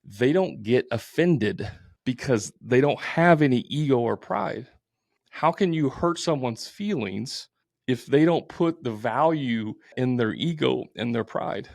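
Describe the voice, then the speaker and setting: A man's voice: medium pitch, lively intonation, a little slow, vocal fry, a little mellow, no echo, clean studio sound. A man hosting a solo podcast, talking bluntly and informally, repeating his points with plenty of fillers. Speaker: podcast host.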